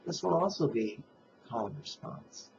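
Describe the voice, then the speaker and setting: A man leading a guided meditation, chanting a mantra slowly in call-and-response and drawing out each syllable. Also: medium pitch, expressive, vocal fry, a little mellow, lo-fi sound, a little hiss or hum. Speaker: meditation teacher.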